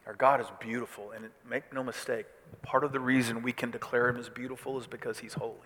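Bright-voiced preacher in a reverberant hall. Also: male voice, medium pitch, quick pace, slight background noise. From Missouri. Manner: animated preaching, swinging between loud declarations and hushed asides. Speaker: pastor. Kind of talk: sermon.

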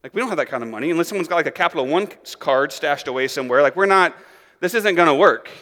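A man preaching a sermon in a casual, conversational way, peppering it with "like" and "right?" and acting out characters in an animated voice. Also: fast, big-room sound. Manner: animated, acts out the disciples' voices in a higher, louder pitch; conversational, many "like" and "right?" asides. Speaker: pastor.

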